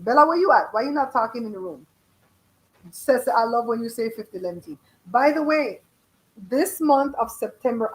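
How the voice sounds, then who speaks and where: Speaking directly to her chat, this middle-aged Belizean woman runs a casual live stream, chatty and blunt in her Belizean accent. Her voice is on the high side, recorded with poor audio.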